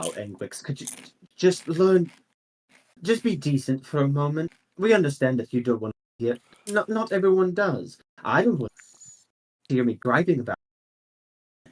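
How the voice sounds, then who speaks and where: Figure: a man playing a smooth condescending merchant lord. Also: medium pitch, animated, moderate pace, lightly acted, low-quality recording. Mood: placating. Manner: condescending, placating.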